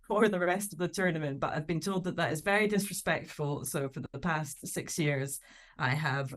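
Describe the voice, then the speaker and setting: Scottish woman comic, thirties, low-pitched, brisk and playful anecdotes. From Scotland. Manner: lively storytelling, laughs often, puts on voices for quotes. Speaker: comedian guest. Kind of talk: casual podcast chat.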